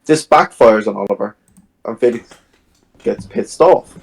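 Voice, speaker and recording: A man's voice: lowish voice, unhurried, poor audio. A man co-hosting a podcast, retelling a film's plot in casual chat and acting out its scenes. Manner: animated retelling, acts out scenes. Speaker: podcast co-host. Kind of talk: casual film discussion.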